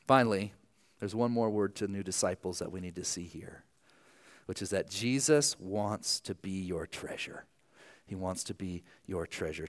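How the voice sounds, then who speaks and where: Animated preacher man from Ohio. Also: mid-range voice. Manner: animated, dropping to hushed tones. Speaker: pastor. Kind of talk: sermon.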